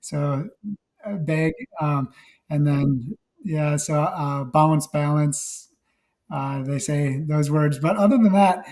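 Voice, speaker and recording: Slightly raspy man from Wisconsin. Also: slow pace, mellow. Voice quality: low and a little raspy. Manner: rambling, many restarts and fillers. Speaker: guest actor and nurse. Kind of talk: casual interview chat.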